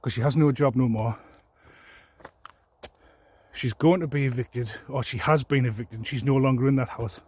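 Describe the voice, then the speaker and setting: Husky man on a profane angry rant. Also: medium pitch, normal speed, long pauses, a little mellow. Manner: profane, aggrieved, rambling. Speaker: vlogger.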